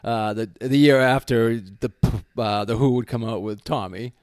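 A man in casual podcast chat, wandering through his points with lots of "like" and "you know", restarting sentences as he goes. His voice sits at an ordinary pitch and is recorded close and dry, with no room sound. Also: normal speed, darkish tone, smooth, no echo. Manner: rambling, hesitant, many fillers and restarts, laughs often. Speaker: podcast co-host. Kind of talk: casual chat about music.

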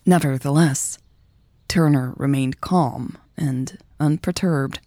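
A woman narrating a story in a slow, measured way. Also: very deep voice, dark tone, no echo, clean studio sound. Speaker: podcast storyteller.

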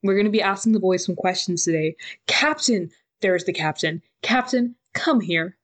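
A woman's voice: fairly low pitch, normal speed, lightly acted. A woman doing a bubbly young hockey vlogger. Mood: upbeat. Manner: upbeat, presenter-like. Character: chirpy young male hockey player hosting a locker-room video.

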